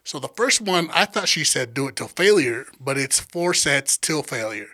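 A young man in his twenties with a bright, forceful voice that sits a little high. He tells stories in a loose, animated, profane way as a podcast co-host. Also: moderate pace. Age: 20s. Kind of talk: casual chat.

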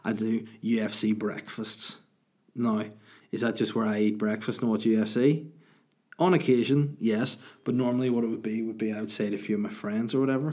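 A man's voice: fairly low pitch, fairly even intonation, normal speed, a little mellow. A man, rambling chattily as a solo podcast host. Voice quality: husky. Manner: rambling, self-deprecating, chatty. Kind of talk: casual solo podcast chat.

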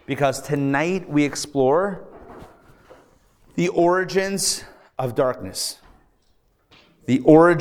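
Animated man teaching a live class. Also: medium pitch. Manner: animated storyteller, acts out voices in jokes. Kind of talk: live lecture with jokes.

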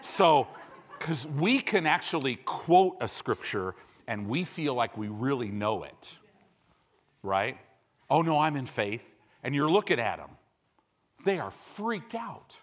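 A man preaching a sermon as a pastor, swinging from loud declarations to hushed asides and acting out little conversations. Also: mid-range voice, slow pace. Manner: lively, swings from loud to hushed, acts out dialogues. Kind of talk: animated sermon.

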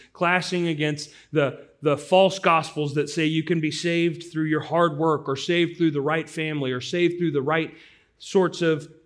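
A man from the US Midwest, a pastor, preaching an earnest sermon and telling stories conversationally. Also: a little high. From St. Louis, US Midwest. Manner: earnest, conversational storyteller, swinging from loud to hushed.

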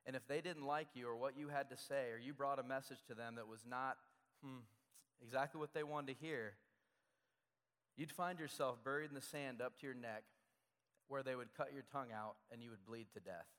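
A male pastor delivers a sermon in a relaxed, conversational way, circling back to the same key phrase again and again. His voice sits at an ordinary male pitch, and the long reverb of a large church hall trails behind each phrase. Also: brisk.

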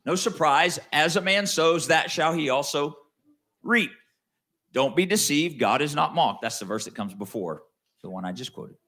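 A man preaching a sermon in a conversational way, slowing down and rising to stress key words, then dropping low for asides. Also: lively intonation. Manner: conversational with wide swings in pitch and loudness, slows to stress key words. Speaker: pastor.

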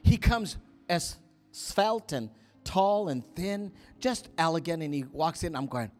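A man preaching, telling a story in an animated way, acting out quotes with gasps and whispers. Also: a little high, a little slow. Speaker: pastor. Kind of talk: sermon storytelling.

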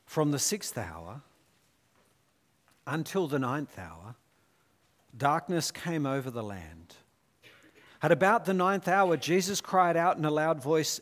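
A man preaching a sermon, moving between hushed, slow passages and raised, intense scripture readings. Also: on the high side, expressive.

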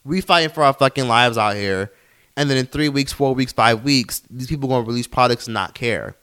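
A man's voice: mid-range voice, a little fast, fairly bright tone, clear, resonant tone. A young man hosting a solo podcast, heated and profane, mocking others in put-on voices. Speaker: podcast host.

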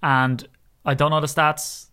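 Male co-host, lively and jokey, fairly high voice, casual sports chat. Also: measured pace, smooth. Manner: animated, joking, exaggerating with rising pitch. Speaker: podcast co-host.

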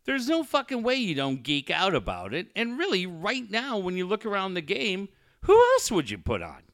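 A man's voice: sits high, wildly swooping pitch, moderate pace, a bit bright, dry recording, studio quality. A man co-hosting a podcast in casual chat, swearing often and acting out the people in his stories. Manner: profane storyteller, acts out quoted voices. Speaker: podcast co-host.

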